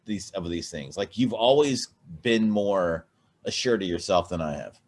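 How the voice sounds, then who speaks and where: Man, lower voice, casual podcast co-host, rambling and profane. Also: expressive, unhurried, a little mellow. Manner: rambling, profane, many restarts. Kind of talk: casual drunken chat.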